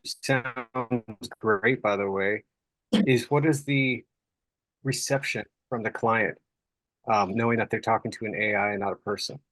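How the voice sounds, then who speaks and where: A man in a business discussion asking measured questions. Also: lowish voice, fairly even intonation, a bit bright, dry recording, low-quality recording. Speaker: interviewer.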